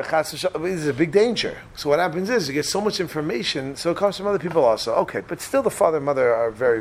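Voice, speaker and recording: A middle-aged man gives a lively talk to a room of listeners, quizzing them and joking as he tells stories from home. His voice sits fairly high for a man. A faint hum of background noise runs under him. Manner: animated, asks the audience questions, joking. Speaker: speaker addressing an audience. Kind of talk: lecture with personal anecdotes. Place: room with a live audience.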